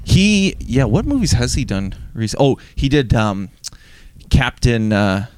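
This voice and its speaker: A man co-hosting a comedy podcast, rambling and teasing, with plenty of fillers. His voice has a middle pitch. The sound is dry and close-miked. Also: sing-song, a little slow, darkish tone, clear, resonant tone, no room sound. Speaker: podcast co-host. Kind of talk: casual comedic chat.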